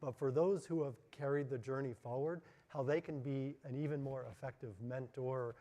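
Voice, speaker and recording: A man's voice: medium pitch, steady tone, normal speed, mellow. Man moderating in a reverberant hall. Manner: friendly, rambling questions with fillers. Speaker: panel moderator. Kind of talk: conference panel moderation. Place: convention stage.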